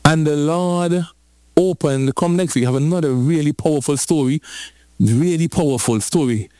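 A man's voice: a little high, moderate pace, dark tone, clean tone, no echo, studio quality. A man preaching a sermon, telling the story playfully with repetition and call-and-response.

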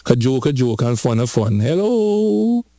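A man preaching a lively sermon, switching into patois and drawing out lines slowly for emphasis. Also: medium pitch, dry recording. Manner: animated, rhythmic preaching in patois-flavored speech.

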